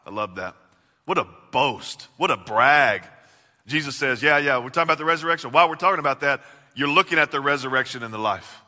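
A man preaching a sermon, swinging from loud, emphatic lines to hushed, intimate questions. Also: mid-range voice, lively intonation, fairly quick. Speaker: pastor. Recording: long reverb of a large hall.

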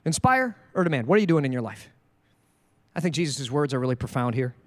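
A male pastor preaching a sermon in an animated, jokey way. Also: medium pitch, fast talker, in a large hall. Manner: animated, jokey, acts out quoted voices.

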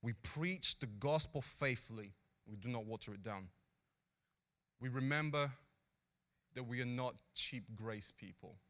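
A man preaching a sermon with earnest, animated delivery, acting out the people in his stories. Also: medium pitch, a little slow, pauses often.

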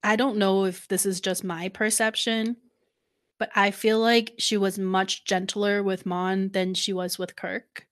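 A woman co-hosting a podcast, recapping an episode in casual chat. She talks at a middling pitch and keeps things animated, swearing freely and acting out the lines she quotes. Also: unhurried. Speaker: podcast co-host.

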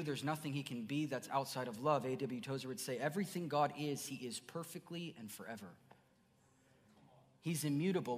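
Earnest pastor preaching in a reverberant hall. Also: male voice, mid-range voice. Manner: earnest, swings between soft murmurs and loud emphatic bursts. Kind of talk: sermon. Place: church sanctuary.

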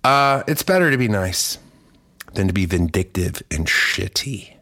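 A man's voice: deep voice, animated, measured pace, bright, forceful tone. A musician with a cough chatting casually as host of his song club, rambling, profane and jokey. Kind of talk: casual livestream chat.

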